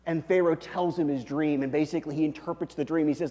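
A man preaching a sermon as a pastor, telling the story animatedly and swinging between loud and hushed. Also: on the high side, steady tone, fast talker, few pauses, in a large hall.

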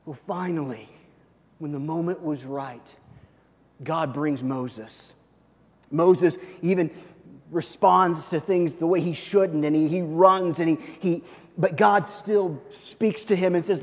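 Man, pastor, sermon, animated storytelling, loud to hushed swings, fairly high voice, long hall reverb. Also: slow.

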